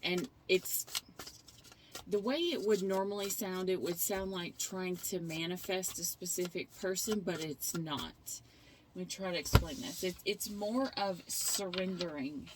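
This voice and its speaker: A middle-aged woman talks through a tarot spread in a casual, earnest way. Her voice sits a little low, and she wanders through her explanations, often breaking off and restarting a sentence. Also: a little slow, noisy background. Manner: earnest, rambling explanations with self-corrections. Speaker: tarot reader. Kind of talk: casual spiritual reading.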